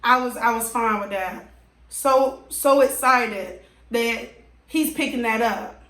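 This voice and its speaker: A high-voiced woman vlogger recounts a story with exasperated, animated emphasis, taking her time over the words. Her voice rings in a roomy, echoing space. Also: takes it slowly. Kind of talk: storytime vlog. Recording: roomy echo.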